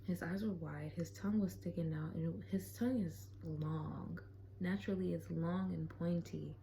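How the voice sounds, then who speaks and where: A woman's voice: fairly low pitch, steady tone, normal speed, creaky, warm tone, slight background noise, poor audio. A young woman vlogger telling a personal story in a candid, profane, casual way, sometimes dropping to a whisper.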